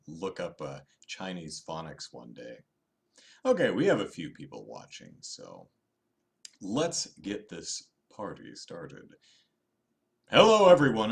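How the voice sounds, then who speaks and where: Low-voiced man hosting a rambling review. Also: vocal fry. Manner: rambling, self-deprecating, wry; frequent restarts and fillers, animated bursts. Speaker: host of a live movie review. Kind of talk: casual live-stream movie review.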